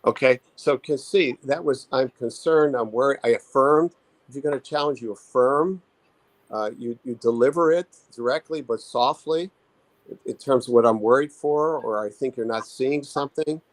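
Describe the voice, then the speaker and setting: Thoughtful man with a halting delivery. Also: mid-range voice, dry recording, poor audio. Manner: thoughtful, halting, many restarts and fillers. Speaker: therapist and author, interview guest. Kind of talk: conversational expert interview.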